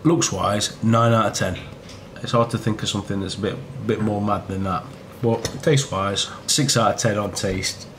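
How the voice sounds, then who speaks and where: A man's voice: fairly low pitch, steady tone, normal speed. A man, chatting casually and wryly as a travel vlogger at a tropical resort. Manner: wry, chatty food-tasting asides. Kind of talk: casual vlog commentary. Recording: background ambience noise.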